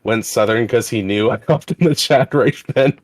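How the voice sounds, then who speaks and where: A man's voice: medium pitch, moderate pace, dry recording. A young man from Canada co-hosting a casual podcast, rambling and laughing as he reads out the chat. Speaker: podcast co-host.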